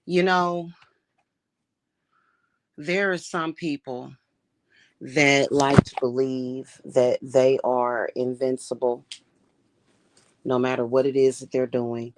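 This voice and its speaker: A woman who is a high priestess and spiritual reader, talking in a casual livestream monologue in a deliberate, emphatic and blunt manner. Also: fairly even intonation, low-quality recording. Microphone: streaming setup.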